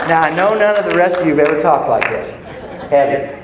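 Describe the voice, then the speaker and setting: An older man preaching a sermon, swinging between loud shouted points and quiet, joking asides to his congregation. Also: fairly high pitch, expressive, quick pace, crowd noise, noisy background. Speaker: pastor. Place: church sanctuary. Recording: echoey church hall from far off.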